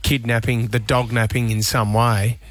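A man's voice: mid-range voice, flat delivery, moderate pace, no echo. A man co-hosting a radio show, cracking jokes and chiming in. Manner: wisecracking, short interjections. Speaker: radio host. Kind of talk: casual radio banter.

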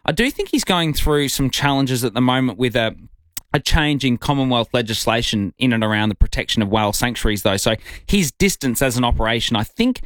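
A man's voice: medium pitch, a little fast, no echo. A man with an Australian accent hosting a radio show, talking with enthusiasm in a studio. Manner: lively, enthusiastic. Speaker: radio host. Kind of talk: casual radio chat. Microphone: studio mic.

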